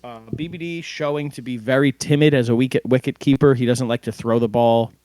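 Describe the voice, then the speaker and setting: Relaxed man recapping a match. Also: medium pitch, fairly quick, no room sound. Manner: relaxed, play-by-play recounting with fillers. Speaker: podcast co-host. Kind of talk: casual sports recap chat.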